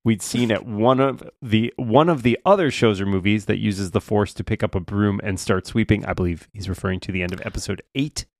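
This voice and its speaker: A low-pitched man talks quickly into a close, dry studio mic. He co-hosts a casual podcast and reads listener mail with dry, wry asides. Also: a little mellow, no room sound.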